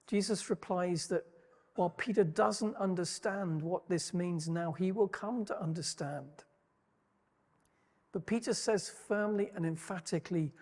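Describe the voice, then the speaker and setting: A man preaching a sermon, retelling a story in a measured, reflective way with wry asides. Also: high voice, darkish tone. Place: church hall. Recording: long church reverb.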